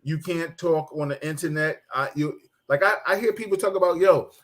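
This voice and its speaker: Animated middle-aged male show host. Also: a little high, normal speed. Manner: animated storyteller who laughs and mimics people. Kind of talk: casual talk show chat.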